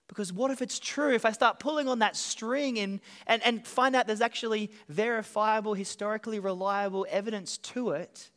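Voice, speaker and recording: A man's voice: sits high, fairly bright tone. A man preaching a sermon and explaining a passage in an earnest way, with sudden emphatic rises. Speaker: pastor.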